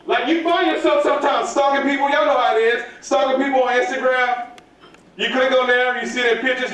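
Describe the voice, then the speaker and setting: A man giving a lively storytelling talk to a live student audience and calling out for their answers. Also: very high voice. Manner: animated, calls for audience answers. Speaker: motivational speaker at student workshop. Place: large hall at a live event. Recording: echoey hall from far off.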